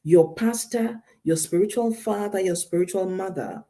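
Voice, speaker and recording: Emphatic woman counselor, mellow voice. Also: mid-range voice, normal speed. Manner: emphatic, repeats key points, direct advice to listeners. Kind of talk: counseling talk on a radio show.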